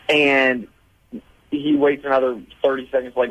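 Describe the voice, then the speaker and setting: A man's voice: mid-range voice, normal speed, fairly bright tone, highs cut off. A man hosting a casual sports radio talk show, arguing and telling stories. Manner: argumentative, storytelling. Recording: radio studio mic.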